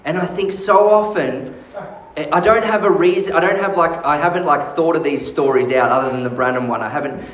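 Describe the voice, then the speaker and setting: Male pastor, slightly high voice, animated sermon storyteller, roomy echo. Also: fairly quick.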